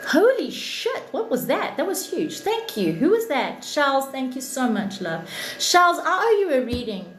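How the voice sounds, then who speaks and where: A very high-voiced woman hosting a livestream and preaching in a blunt, impassioned way, with swearing sprinkled through her talk. Her voice bounces around an echoey room. A faint hiss sits under it. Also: sing-song, moderate pace, fairly bright tone. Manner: blunt, profane, preachy and emphatic. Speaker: live stream host, spiritual reader.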